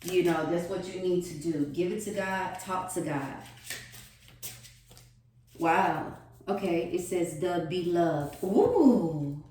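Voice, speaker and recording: A woman giving a spiritual tarot reading, with a slow, repetitive, earnest delivery. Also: fairly low pitch, fairly even intonation, a little mellow, a little hiss or hum. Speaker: tarot reader. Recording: echoey room, distant mic.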